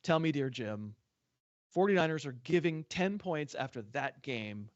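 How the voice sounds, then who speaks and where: Brief: male sports podcast host, playful and prodding, slightly high voice, dull lo-fi audio. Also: expressive. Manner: teasing, prodding questions, quick laughs. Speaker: fantasy football podcast host. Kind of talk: casual sports podcast chat.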